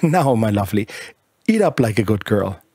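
A prim, possessive older nanny in a storybook reading, put on by a man. She keeps her voice low and hushed and tuts her disapproval. The tone is husky and the recording dry and close. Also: very animated, normal speed, no room sound, heavily acted. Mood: fond.

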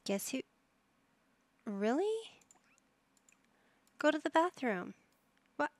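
A woman's voice: high voice, animated, slow pace, no echo. A woman giving casual commentary while playing a life-sim game, coaxing and scolding her characters like a playful parent. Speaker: gaming YouTuber.

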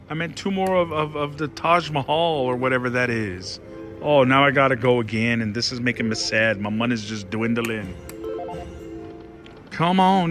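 A man giving casual live commentary as he plays slot machines on a casino floor, excitable and pleading with the machine. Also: mid-range voice. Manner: excitable, pleading with the machine, keeps saying "everybody".

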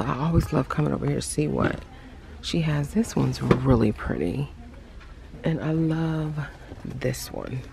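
A woman with a deep, gravelly voice walks through a large retail store for a casual shopping vlog, gushing about the items. She often drops to half-whispered asides, and noisy store ambience fills the recording.

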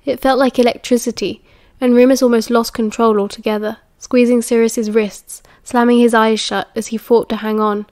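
A woman with a British accent narrating an audiobook in a steady, measured read. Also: a little high, dry recording. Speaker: audiobook reader.

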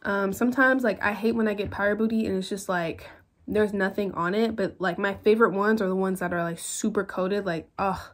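A woman's voice: medium pitch, fairly even intonation, fairly quick. Teary rambling woman in her twenties. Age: 20s. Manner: rambling, lots of "like", emotional and teary. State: on the verge of tears. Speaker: vlogger. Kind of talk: confessional casual vlog.

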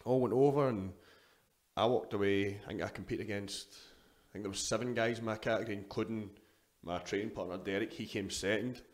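A man's voice: lowish voice, steady tone, brisk. A young adult man with a Scottish accent, telling stories as a guest in a casual interview, swearing freely and restarting his sentences. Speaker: guest, powerlifter.

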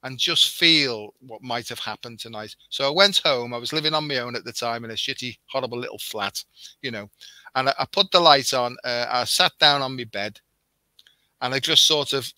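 A man's voice: medium pitch, brisk, pushed and bright, clear, resonant tone, no room sound. A man as a podcast guest, telling a personal story in an earnest, candid way and slipping into quoted dialogue. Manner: emotional at moments.

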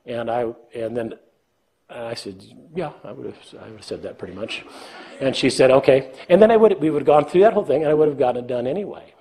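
A man's voice: mid-range voice, expressive, quick pace, warm tone, husky. An older man giving a leadership talk, telling self-deprecating stories and acting out dialogue with a chuckle. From United States. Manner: storytelling, self-deprecating, acts out dialogue with laughs. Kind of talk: conversational lecture with anecdotes.

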